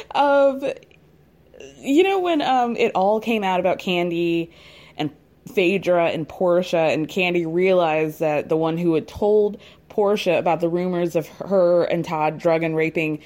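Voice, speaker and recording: A woman's voice: fairly low pitch, a little mellow. A young adult woman recapping a reality TV show in casual, gossipy commentary, laughing often and dropping sassy asides.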